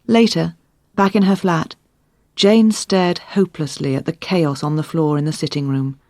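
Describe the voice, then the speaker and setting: Woman narrator, low-pitched, clear measured storybook reading, dry close sound. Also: steady tone, a little mellow, no echo. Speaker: audiobook narrator. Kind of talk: scripted narration.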